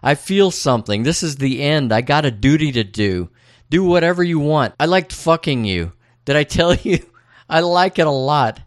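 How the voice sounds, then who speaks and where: A man's voice: fairly high pitch, lively intonation, moderate pace, no echo, clean studio sound, voice pushed up, natural voice. A man voicing a young, despondent, drugged-up man who rambles erratically. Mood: rambling.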